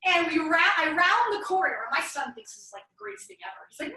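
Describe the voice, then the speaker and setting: A woman in her thirties leading a business workshop, talking in an animated, chatty way with lots of "like" and "right?" as she tells stories. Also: very high-pitched, fast, few pauses. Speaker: business strategist running a workshop. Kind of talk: energetic workshop talk with personal storytelling. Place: large room at a live workshop. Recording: echoey room, voice from far off.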